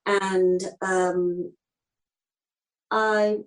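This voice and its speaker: A woman's voice: medium pitch, level tone, extremely slow, poor audio. A woman in her fifties, a straight-talking acupuncturist chatting as a guest in an interview, explaining things with homely everyday comparisons. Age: 50s. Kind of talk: casual interview chat.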